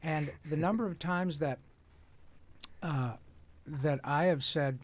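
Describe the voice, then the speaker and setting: Animated storyteller man in his sixties. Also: a little high, slow. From Michigan, USA. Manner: lively storyteller, slips into playful character voices. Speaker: voice actor guest.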